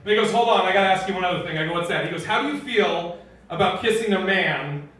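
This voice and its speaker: A man's voice: high voice, quick pace. A young man doing a stand-up set in a comedy club, laughing through his punchlines and swearing a lot. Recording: echoey club mic from far off, loud room noise.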